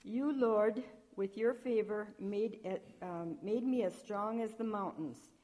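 A woman reading scripture aloud at a church service, measured, with small slips and restarts. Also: mid-range voice, mellow. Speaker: lector.

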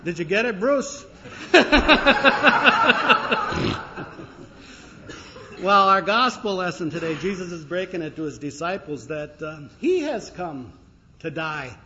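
A man preaching a sermon in a relaxed, folksy way, joking with his congregation and filling pauses with ums and uhs. His voice sits a little high for a man. The recording sounds dull and lo-fi, with faint noise behind it. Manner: folksy, joking, with many fillers. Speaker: pastor.

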